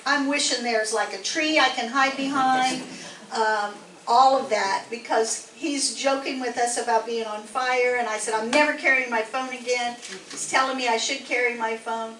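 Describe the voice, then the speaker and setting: Woman, 60s, rambling chatty anecdote, slightly high voice, picked up far off in an echoey hall with faint noise. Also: steady tone, moderate pace, a bit bright. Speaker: meeting attendee telling a story. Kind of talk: casual anecdote to a group. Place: meeting hall. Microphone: distant room mic.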